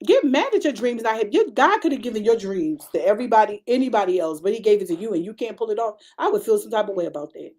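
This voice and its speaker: A middle-aged woman pastor who preaches like she is talking to friends, in a loose vernacular style. She climbs again and again into sharp, emphatic high notes. Her voice sits at a middle pitch. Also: lively intonation, fast talker, few pauses. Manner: conversational preaching, rising to emphatic high bursts. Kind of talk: sermon.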